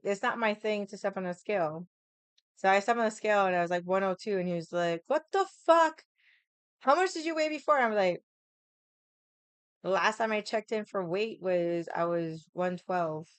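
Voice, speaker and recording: A young adult woman hosts a livestream, chatting casually and frankly in a lowish, smooth voice, cursing freely and peppering her speech with "like." The recording is dry.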